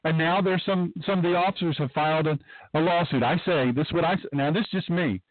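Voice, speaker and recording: A man's voice: a little high, fast talker, no room sound. A man hosting a talk radio monologue, emphatic and rambling, repeating himself as he goes. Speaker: podcast host. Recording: tinny phone-like dry sound.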